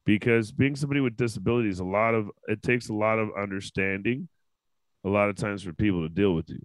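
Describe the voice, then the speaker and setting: A man's voice: fairly low pitch, fast, no echo, poor audio. A man hosting a casual panel podcast, talking candidly and emotionally with frequent swearing. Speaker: podcast host.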